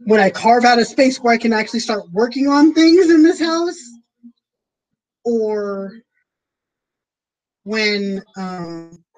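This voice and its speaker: A woman's voice: on the high side, animated, slow, pauses often, a little mellow, rough recording. A woman streaming from her home, chatting casually and rambling with lots of fillers as she plans a tabletop game. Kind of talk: casual chat to viewers.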